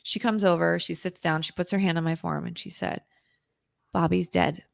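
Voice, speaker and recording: A woman, a guest on an interview show, telling an intense personal story in a vivid, dramatic way, at times dropping to a hushed whisper. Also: fairly low pitch, fairly even intonation, quick pace, gravelly, no room sound. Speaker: interview guest, recovery author.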